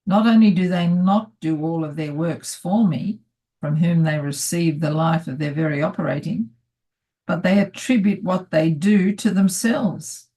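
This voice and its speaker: A woman reads devotional excerpts aloud in a steady, solemn way. Her voice is warm and mellow and sits somewhat low. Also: measured pace. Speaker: reader. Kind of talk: devotional scripture reading.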